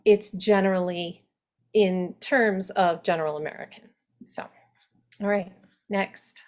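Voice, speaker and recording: A woman dialect coach talks actors through her methods at a slow, measured pace. She explains in a deliberate way, pausing to think her points through aloud. Her pitch sits in the middle range. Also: fairly even intonation, darkish tone. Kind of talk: instructional talk for actors.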